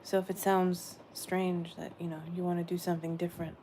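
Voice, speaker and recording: A woman giving a gentle, meandering spiritual message she says she is channeling, often repeating her phrases. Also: lowish voice, flat delivery, fairly quick, slight background noise.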